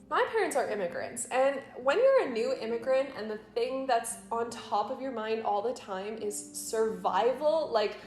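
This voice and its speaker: Chatty young woman in an echoey room. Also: a little high. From United States. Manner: candid, chatty, laughs often. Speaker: vlogger. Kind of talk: casual vlog chat while cooking.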